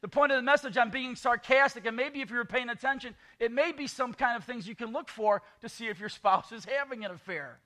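High-voiced pastor preaching. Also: male voice, brisk, few pauses, bright, forceful tone. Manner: sarcastic asides, quoting scripture. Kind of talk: sermon.

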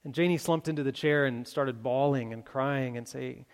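A man's voice: medium pitch, moderate pace. A man preaching a sermon, telling a story with many fillers and restarts before making his appeal. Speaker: pastor. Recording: long hall reverb.

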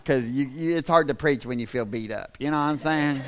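A male pastor delivering a sermon as a humorous, conversational story that builds into loud, emphatic stretches. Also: on the high side, fairly quick, few pauses, slight background noise.

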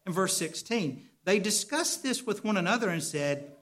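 Male pastor, higher register, animated conversational sermon delivery with frequent call-outs to the congregation. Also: moderate pace. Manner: animated, calls for responses from the congregation; stumbles and repeats words, conversational.

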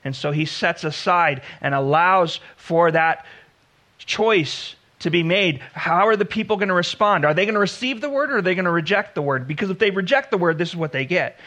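A man preaching a sermon in an earnest style, slowing down to stress key words. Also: sits high, bright, forceful tone. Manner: earnest preaching, slows for emphasis, acts out biblical dialogue. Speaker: pastor.

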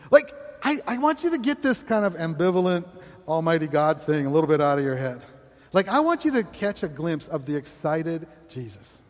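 A man preaching an energetic sermon as pastor, exclaiming and laughing often between lines. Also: high voice, in a large hall.

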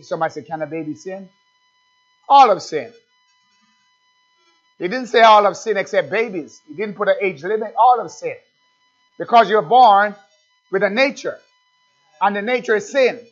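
High-voiced preacher on a dull recording. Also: male voice, brisk, fairly bright tone. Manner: conversational, repeats words and asks the congregation questions. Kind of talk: sermon. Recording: dull lo-fi recording with faint music.

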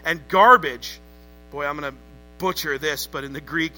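Male pastor, high and sharp-toned, emphatic sermon delivery that pulls the congregation into call and response. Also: expressive, normal speed, soft background music, low-quality recording. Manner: emphatic, calls on the congregation to repeat words.

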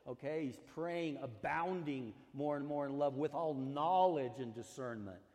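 A man's voice: on the high side, a little slow, a little mellow, long reverb tail. A man preaching as a pastor, earnest and conversational, leaning hard on key words and drawing them out, with casual fillers and asides. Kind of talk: sermon.

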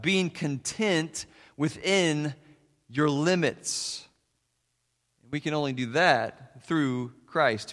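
A man's voice: on the high side, a bit bright, long reverb tail. A man preaching a folksy sermon as a pastor, telling stories with plenty of fillers. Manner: folksy storytelling with many fillers.

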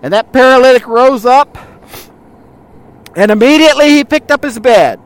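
A man's voice: extremely high pitch, expressive, normal speed. A male pastor preaching a sermon, speaking directly to the congregation and retelling scripture with rhetorical questions.

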